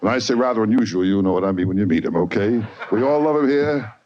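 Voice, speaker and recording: A man's voice: on the low side, quick pace. A man hosting a comedy show, introducing the next comedian in a rambling, coaxing way. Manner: rambling, coaxing the crowd with repeated "okay?". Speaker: show host. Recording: dull lo-fi 1980s TV tape with loud crowd and hiss.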